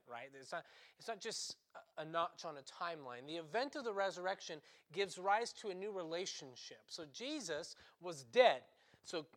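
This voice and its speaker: A man giving a sermon as a priest. He speaks in short, conversational phrases, often adds "right?", restarts his sentences and stresses key words with sudden bursts of loudness. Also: fairly high pitch. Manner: restarts and corrects himself mid-sentence.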